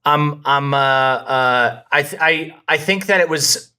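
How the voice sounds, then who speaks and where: A man's voice: a little high, takes it slowly, pushed and bright, smooth. A man co-hosting a comedy podcast, chatting casually and joking, often restarting and trailing off mid-sentence. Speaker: podcast co-host. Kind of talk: casual chat.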